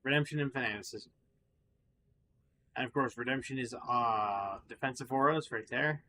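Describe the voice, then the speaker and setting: A man's voice: mid-range voice, normal speed, pushed and bright, a little hiss or hum. A tired man commentating casually on his gameplay, rambling with fillers and restarts. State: tired, yawning. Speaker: gaming channel host.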